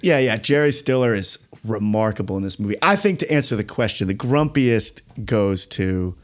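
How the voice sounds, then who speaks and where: A man's voice: fairly low pitch, expressive, normal speed. A man co-hosting a casual film podcast, laughing often and acting out movie quotes. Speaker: podcast co-host.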